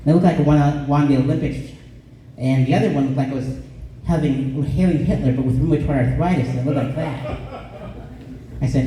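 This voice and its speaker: A man from Colorado doing deadpan stand-up comedy, his slightly high, mellow voice caught from a distance in a very echoey club. Faint room noise sits under his dry delivery. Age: 20s or older. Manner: deadpan, sings a parody song at a slow drawn-out pace. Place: small comedy club stage.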